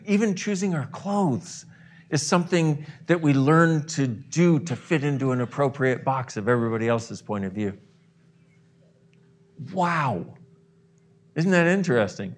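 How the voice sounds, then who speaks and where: Animated man leading a guided visualization. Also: medium pitch. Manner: animated, acts out exclamations and gasps, swings from soft to loud.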